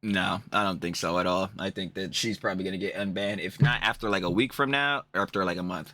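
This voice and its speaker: A man's voice: deep voice, fast, sharp tone. A man hosting a reaction video, commenting casually with frequent swearing and laughing outbursts. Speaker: reaction channel host.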